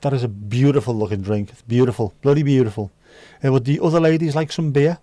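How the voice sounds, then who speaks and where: Male stream host, mid-pitched, cheeky banter, dry close-mic sound. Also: fast talker, warm tone, dry recording. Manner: cheeky, banter-heavy, swears freely. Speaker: livestream host serving virtual drinks. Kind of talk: casual chat.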